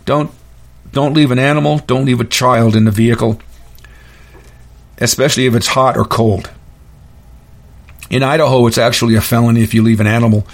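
A man hosting his own podcast, telling stories in a blunt, opinionated, folksy monologue. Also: mid-range voice. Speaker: podcast host. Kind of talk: casual monologue.

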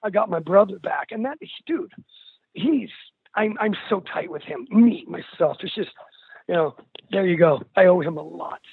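A man's voice: high voice, lively intonation, moderate pace, vocal fry, breathy edge, dry recording. An older man, a musician, speaking as an interview guest in an earnest, candid way, calling the host dude and bro. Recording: tinny phone line.

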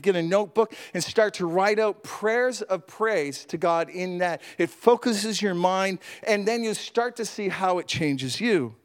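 A male pastor delivering a sermon in a notably high voice. He preaches in an animated, storytelling way, with chatty asides and laughs.

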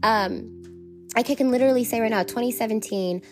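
A woman's voice: a little high, brisk, soft background music. A woman hosting her own podcast, talking openly and emotionally in a rambling, repetitive way. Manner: candid, emotional, rambling with repeated phrases. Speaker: podcast host. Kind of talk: confessional solo podcast.

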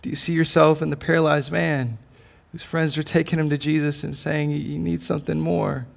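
Male pastor, higher-pitched voice, passionate sermon delivery, rhetorical questions, stumbling restarts. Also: little pitch movement, a little fast, vocal fry. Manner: impassioned preaching with repeated questions and stammered restarts. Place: church service.

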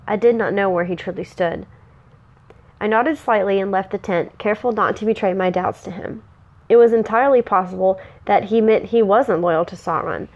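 A woman's voice: mid-range voice, darkish tone, poor audio. A woman reading a fantasy story aloud in a casual way, sometimes breaking off to chat. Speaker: story reader.

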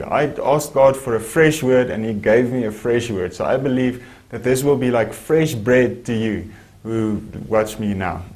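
A man's voice: mid-range voice, darkish tone. A man preaching a broadcast sermon. He reads scripture aloud at length, explains each verse and keeps checking in with listeners.

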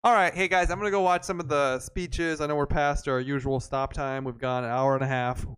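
A man's voice: fairly high pitch, fairly even intonation, a little fast, a bit bright, smooth. A man hosting a podcast, telling stories in a laid-back casual chat. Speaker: podcast host.

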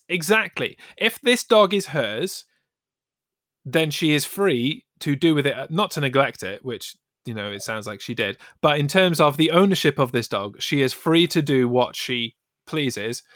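A man co-hosting a casual chat podcast, weighing things up in a measured, sweary way. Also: mid-range voice, a bit bright, no echo, studio quality. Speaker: podcast co-host.

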